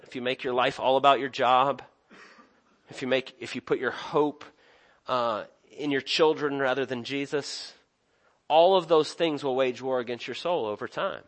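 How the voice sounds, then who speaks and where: A male pastor delivering a sermon at an ordinary middle pitch. He preaches earnestly, letting his emphasis swell on key points and checking in with the congregation through rhetorical questions. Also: moderate pace, a bit bright.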